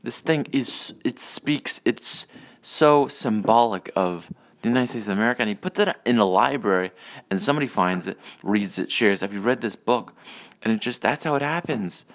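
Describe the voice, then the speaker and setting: A young man rambling through a personal rant, swearing often and halting with restarts and fillers. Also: lowish voice, lively intonation. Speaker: solo podcast host.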